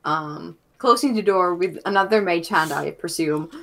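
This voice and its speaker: A woman narrating a tabletop game as game master, in a calm, measured way. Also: fairly low pitch, creaky, crowd noise.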